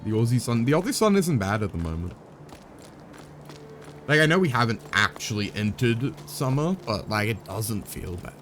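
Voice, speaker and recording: A man's voice: mid-range voice, sing-song, moderate pace, a bit bright, soft background music. A man streaming a game live, chatting casually in a rambling, joking way with some swearing.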